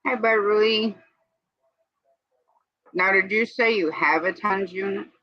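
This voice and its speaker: A man's voice: high-pitched, slow pace. A man hosting a livestream, chatting casually and rambling from one everyday topic to the next. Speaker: livestream host. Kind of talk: casual evening chat. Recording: dull lo-fi stream audio.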